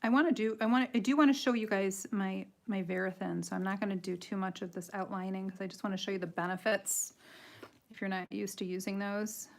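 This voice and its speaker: A woman's voice: medium pitch, fairly even intonation, brisk, creaky. A woman from Michigan with a slight nasal Michigan accent, chatting casually and giggling as she hosts a live coloring tutorial. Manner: chatty, giggly, self-deprecating, rambling. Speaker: livestream host and coloring artist.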